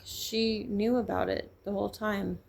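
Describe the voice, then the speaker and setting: A middle-aged woman telling a painful personal story in halting, grieving, raw speech. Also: medium pitch, steady tone, creaky, slight background noise. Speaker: vlogger sharing a personal story. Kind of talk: candid personal testimony.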